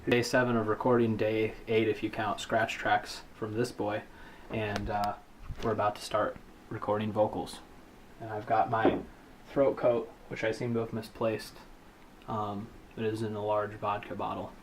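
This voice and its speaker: A band vocalist chatting casually in a recording studio, narrating to the camera with deadpan jokes. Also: male voice, fairly low pitch, moderate pace, slight background noise, poor audio.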